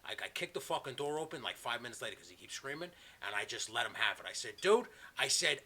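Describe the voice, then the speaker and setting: A man hosting a podcast from home, telling a long story in a casual, animated way with plenty of swearing. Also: medium pitch, fast, few pauses, slightly rough, poor audio. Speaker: podcast host. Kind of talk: casual chat. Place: home, video call. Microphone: remote call mic.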